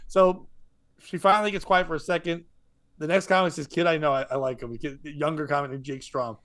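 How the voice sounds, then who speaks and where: A man's voice: fairly high pitch, fairly even intonation, fast talker, fairly bright tone. A stand-up comedian co-hosting a podcast, telling a rambling story full of fillers and chuckling at his own tale.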